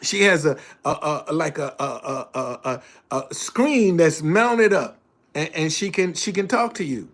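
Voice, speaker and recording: A man's voice: a little high, expressive, unhurried, fairly bright tone. A man giving a motivational talk indoors in a preachy way, repeating his key lines for emphasis. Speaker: motivational speaker. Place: indoors, a hot room.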